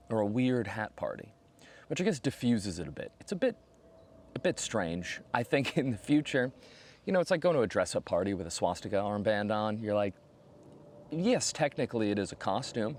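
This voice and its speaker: An American man in his thirties telling a long comic story, jumping into high voices whenever he quotes other people. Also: a little hiss or hum. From United States. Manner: animated, acts out quoted voices with big pitch jumps. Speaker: comedian host. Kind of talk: storytelling stand-up monologue.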